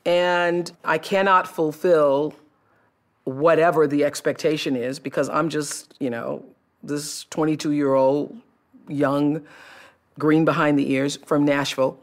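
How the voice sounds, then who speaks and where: A middle-aged woman recounts her career with lively, expressive storytelling. A gravelly fry edges her voice. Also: low-pitched, slow pace. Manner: animated, expressive, acts out remembered voices. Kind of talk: personal storytelling talk.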